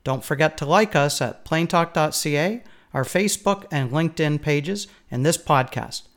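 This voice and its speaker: A man hosting a podcast, reading a friendly, measured outro. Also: on the high side, expressive, fairly bright tone. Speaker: podcast host.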